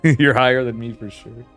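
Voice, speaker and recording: A man's voice: medium pitch, gravelly, fairly bright tone, breathy edge. Man, live game caster, casual streamer banter, profane, faint background music. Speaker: esports caster.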